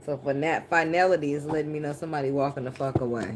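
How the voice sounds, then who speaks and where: Woman tarot reader, very deep voice, blunt and profane, noisy home recording. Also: quick pace. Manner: blunt, profane, laughs often. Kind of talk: casual tarot reading.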